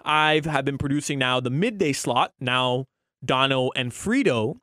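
A man's voice: mid-range voice, expressive, a little slow, bright, forceful tone, no echo. A man co-hosting and producing a sports radio show, rambling casually with many restarts and fillers on a studio mic.

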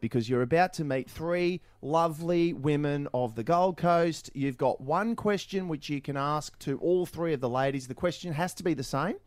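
A man's voice: medium pitch, darkish tone, no room sound. Jokey Australian radio host, a man. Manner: jokey, laughing, blokey. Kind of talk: breakfast radio banter. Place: radio studio.

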